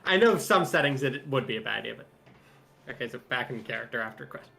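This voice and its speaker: Hesitant man with a gravelly, bright voice. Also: mid-range voice, lively intonation, fast talker. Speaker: player. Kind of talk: casual tabletop play.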